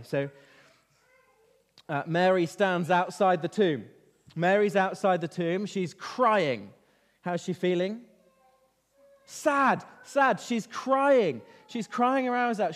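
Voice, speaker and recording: Man with a high voice, lively children's Bible lesson, long hall reverb. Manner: lively, quizzing children with questions. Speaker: children's talk leader.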